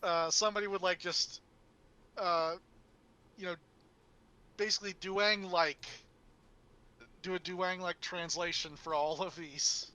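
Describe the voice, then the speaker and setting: A man in casual podcast chat, speaking haltingly with many restarts. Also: sits high, fairly even intonation, sharp tone.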